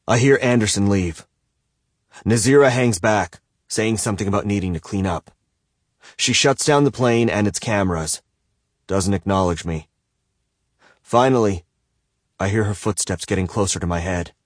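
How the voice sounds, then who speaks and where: A man reading a first-person audiobook in a tense, measured way. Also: fairly low pitch, no room sound, clean studio sound. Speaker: audiobook narrator.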